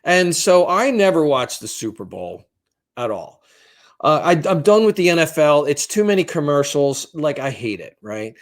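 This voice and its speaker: A man's voice: on the high side, very animated, moderate pace. A man in his fifties co-hosting a podcast, telling a long story in a rambling, profane, self-deprecating way. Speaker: podcast co-host.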